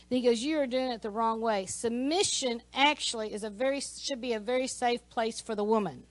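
Woman, church teacher, chatty storytelling, fairly high voice, dry close sound. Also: moderate pace, few pauses, a bit bright, no echo, low-quality recording. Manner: conversational storytelling, many asides. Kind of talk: Sunday school teaching with a personal story.

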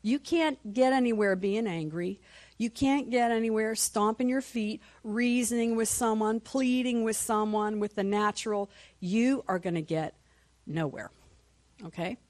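A woman's voice: fairly high pitch, measured pace, darkish tone, no echo. A woman teaching a Sunday school class in a conversational way, asking the class questions and often adding "right?". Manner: clears throat often.

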